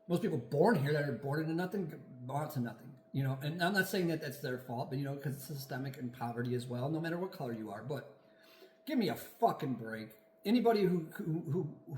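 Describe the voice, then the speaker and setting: A man rants in anger, heavy with swearing, as he co-hosts a casual talk show. His voice sits a little high, and the room around him rings with a clear echo. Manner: angry profane ranting. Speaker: podcast co-host. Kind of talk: casual chat.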